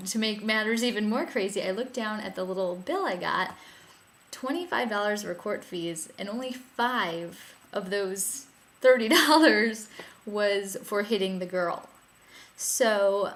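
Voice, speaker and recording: A young woman talks straight to her camera about something that happened to her, chatty and self-mocking, laughing at her own embarrassment. Her voice sits at an ordinary middle pitch for a woman. It is a casual, unscripted telling recorded at home. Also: fairly bright tone. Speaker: vlogger. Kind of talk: casual storytelling.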